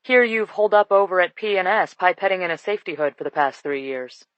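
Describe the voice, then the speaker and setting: A woman voicing a deep-voiced young man who is relaxed and teasing, in a lowered, easygoing delivery for an audiobook. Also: moderate pace, no echo, dull audio.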